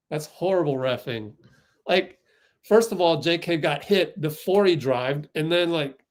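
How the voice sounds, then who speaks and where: A man hosting a fan livestream, giving excitable live play-by-play and getting outraged at the referees. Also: fairly high pitch, unhurried.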